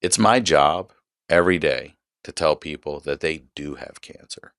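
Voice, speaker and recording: A man's voice: extremely low pitch, moderate pace, fairly bright tone, dry recording, studio quality. A man in his forties, a podcast guest, candidly retelling a personal story in casual, profane, emphatic talk.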